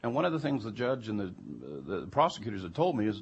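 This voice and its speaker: Recounting his jury duty, a man tells a personal anecdote emphatically, growing heated and incredulous. His voice is fairly low, animated, fast, and slightly rough.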